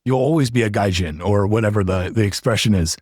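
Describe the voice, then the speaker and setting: Husky-voiced man hosting a casual podcast. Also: on the low side, quick pace, dry recording, studio quality. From United States. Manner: rambling, animated storytelling with many restarts. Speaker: podcast host. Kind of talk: casual conversation.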